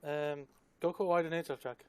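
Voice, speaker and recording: A man narrating as dungeon master, describing the scene in a relaxed, casual way. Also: a little high, normal speed, clean tone, no echo. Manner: descriptive, laid-back, casual swearing. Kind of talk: narrating a tabletop game.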